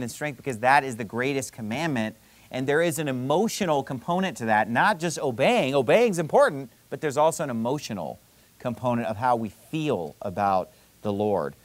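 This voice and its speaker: A man's voice: mid-range voice, dry recording. A man preaching a sermon, reading scripture aloud and explaining it with emphatic, rising intensity. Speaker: pastor.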